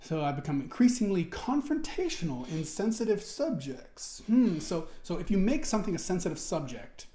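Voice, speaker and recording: A man's voice: sits high, big pitch swings, normal speed, hardly any pauses, mellow. A man reading out forum posts and answering them in an indignant, rambling rant, restarting his sentences and swearing often. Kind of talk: ranting commentary while reading forum posts aloud. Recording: roomy echo.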